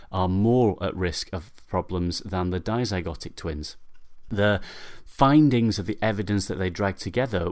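British guy, lowish voice, reading out his medical podcast script, measured and explaining. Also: a little mellow. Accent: British English.

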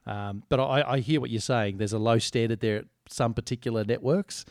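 A man with an Australian accent co-hosting a podcast, chatting in a relaxed, rambling way with dry humour. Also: mid-range voice, brisk, no echo. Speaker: podcast co-host. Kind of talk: casual chat.

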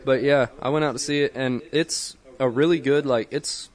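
A man's voice: medium pitch, steady tone, normal speed. A young man from the Southern US co-hosting a podcast, talking in a joking, rambling way and laughing often. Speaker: podcast co-host. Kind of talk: casual chat.

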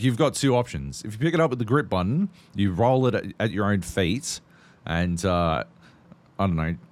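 A man co-hosting a podcast, chatting casually about games while swearing constantly and rambling through stories. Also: deep voice. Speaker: podcast co-host. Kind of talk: casual gaming chat.

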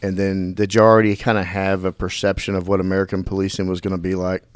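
A man hosting a casual interview, relaxed and drawling. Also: low-pitched, fast, no room sound. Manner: relaxed, drawling, says y'all. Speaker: podcast host.

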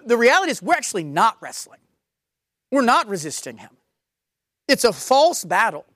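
A woman pastor delivers a sermon, pressing her points by repeating them again and again. Her voice sits a little high and swings widely in pitch. The sound is dry and close, with no room echo. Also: fairly bright tone. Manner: emphatic, repeats key phrases for force.

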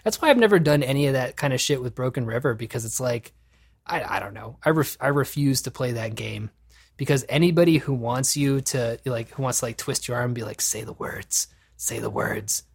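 A man hosting a podcast, chatting casually and profanely, animated and laughing often. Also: medium pitch, fairly quick, breathy edge. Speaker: podcast host.

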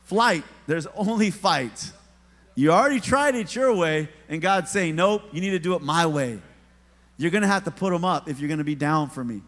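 Each phrase of this sermon trails off in long reverb as a middle-aged pastor preaches in a church sanctuary. His voice is somewhat high and bright for a man, and he tells stories with relaxed humor, checking in with the congregation often.

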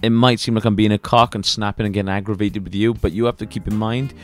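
A man's voice: fairly low pitch, fairly even intonation, quick pace, no echo, soft background music. A man co-hosting a podcast in casual chat, blunt and profane, chiming in with quips. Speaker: podcast co-host.

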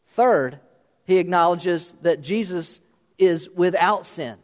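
High-voiced preacher in a reverberant hall. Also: male voice, slow. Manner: animated, swinging between raised emphasis and hushed intensity. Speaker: pastor. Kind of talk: sermon. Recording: long reverb of a large hall.

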